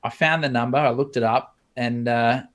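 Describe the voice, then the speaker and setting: A man's voice: mid-range voice, moderate pace. A man, a guest in an interview, telling a story and acting out the dialogue. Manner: lively storyteller who acts out dialogue. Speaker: guest, 3D modeler.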